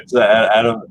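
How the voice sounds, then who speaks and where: A man's voice: fairly high pitch, fairly bright tone, slight background noise. A man hosting a reselling livestream, chatting casually and telling rambling stories full of fillers and restarts. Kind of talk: casual chat during a livestream.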